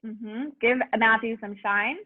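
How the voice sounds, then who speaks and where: A woman's voice: fairly high pitch, fairly even intonation, slow pace, noisy background. Woman teacher on a tinny video call. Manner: warm encouraging classroom prompts. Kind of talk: reading aloud to a remote class.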